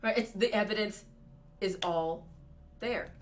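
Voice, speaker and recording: A woman co-hosting a casual chat, measured and supportive, agreeing with her partner. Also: mid-range voice. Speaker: podcast co-host.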